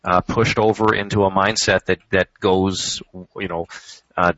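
A man talking in a measured, reflective and candid way as a regular on a radio show. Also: deep voice, little pitch movement, fairly bright tone, no echo. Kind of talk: casual radio talk. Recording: dull, dry radio sound.

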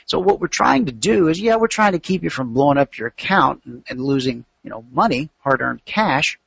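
A middle-aged man mentoring traders in an instructional talk, animated and acting out the people he describes in little scenes. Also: a little high, gravelly, husky, dry recording, dull audio. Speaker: trading mentor.

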